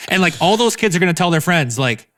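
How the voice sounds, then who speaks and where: A man's voice: a little high, fast talker. A man who founded a game studio, talking energetically in a casual podcast interview, swearing freely and acting out quoted voices. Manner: energetic, profane, acts out quotes.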